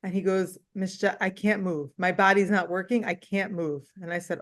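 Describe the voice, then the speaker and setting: Fast-talking woman teacher. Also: steady tone. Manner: fast, high-energy talker. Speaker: special education teacher. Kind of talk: casual meeting conversation.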